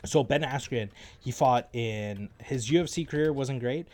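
A man's voice: medium pitch, normal speed. Young man chatting, laid-back and explaining. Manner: relaxed, explaining, many fillers like "like" and "um". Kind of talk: casual chat.

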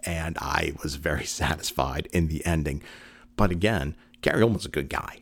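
A man with an extremely deep voice reviews a show in a casual, rambling way. He doubles back on words, leans on fillers, and slips into quoted lines of dialogue as he talks. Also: normal speed, creaky, breathy edge, no echo. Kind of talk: casual spoken commentary.

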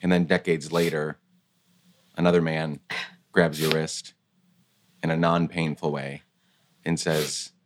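A man hosting an interview, reflecting on his guest's story in a thoughtful, measured way with pauses. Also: a bass voice, level tone.

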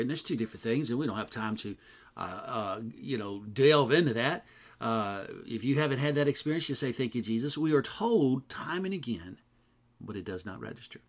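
A man preaching a sermon in a conversational, digressive way, full of fillers and asides, swinging from loud emphasis to hushed lines. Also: medium pitch, breathy edge.

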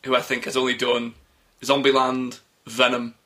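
A man co-hosting a podcast in easygoing conversation. His voice is bright and a little tense, sitting at a middle pitch, and he laughs often and trails off as he thinks. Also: completely flat delivery, moderate pace. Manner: chatty, laughs often, trails off mid-sentence. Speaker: podcast co-host. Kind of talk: casual chat.

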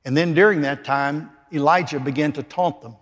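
A man preaching a sermon, emphatic, dropping from loud declarations to hushed lines. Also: a little high, normal speed. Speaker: pastor. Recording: long reverb of a large hall.

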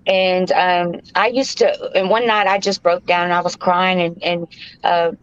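A woman's voice: on the low side, fairly even intonation, measured pace, clean tone, highs cut off. A woman, chatting on a podcast and telling a personal story, with lots of stammers and restarts. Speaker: podcast co-host, paranormal investigator. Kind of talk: casual podcast chat and storytelling.

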